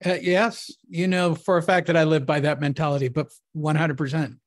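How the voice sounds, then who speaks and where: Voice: mid-range voice, level tone, brisk, no room sound, studio quality. A host leading a casual interview, talking in an enthusiastic, promotional way.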